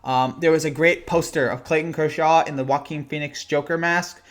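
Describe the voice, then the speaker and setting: A man's voice: on the high side, steady tone, moderate pace. A young man hosting a late-night sports live stream, tired, rambling and teasing as he answers chat comments.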